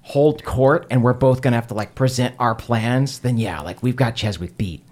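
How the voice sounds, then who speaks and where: A man's voice: medium pitch, normal speed. A man playing a tabletop game, chatting casually with lots of filler words. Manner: filler-heavy, animated. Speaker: player. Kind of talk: casual chat.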